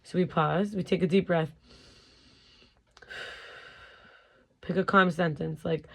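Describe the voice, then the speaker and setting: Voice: mid-range voice, steady tone, slow pace, vocal fry, a bit bright. A tired self-help teacher who keeps yawning gives a casual talk. The voice sits in a middle range, and the delivery is loose and unscripted, full of fillers and restarts.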